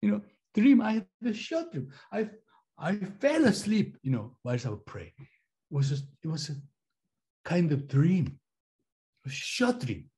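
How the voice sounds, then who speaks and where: A middle-aged man whose first language is Korean, a pastor giving a testimony in a slow, halting way, repeating phrases as he goes. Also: a little high, sing-song, darkish tone. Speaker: pastor and former missionary. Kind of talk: sermon-style personal testimony.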